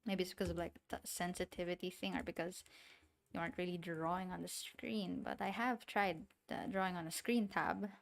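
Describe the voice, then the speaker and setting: This woman's voice is lowish and creaky, fairly quick, with fairly even intonation. A VTuber streamer with a non-standard English accent, she makes casual talk as she draws, rambling and murmuring to herself between little giggles.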